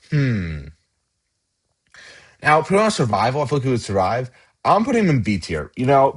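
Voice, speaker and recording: Male channel host, casual tier-list chatter, halting and full of fillers. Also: medium pitch, breathy edge. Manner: rambling, halting, lots of fillers and restarts.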